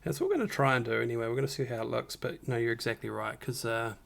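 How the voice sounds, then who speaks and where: A man hosting a live stream with a rough morning voice, casually talking viewers through a Photoshop edit step by step. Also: medium pitch, racing, fairly bright tone. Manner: talks the viewers through each step, upbeat and encouraging. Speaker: stream host doing a Photoshop tutorial.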